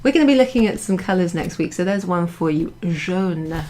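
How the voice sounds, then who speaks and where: A woman leads a beginners' class in a small room, explaining each point patiently and repeating every example. Her voice sits a little low. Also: lively intonation, moderate pace, dark tone. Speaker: French teacher. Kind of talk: classroom French lesson.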